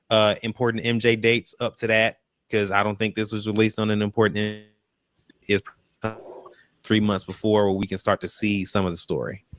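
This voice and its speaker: Man, casual chat, co-host, animated, bright tone, dry close sound. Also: fairly low pitch, clear, resonant tone, no room sound. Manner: animated, urging listeners directly. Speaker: co-host of a reaction show.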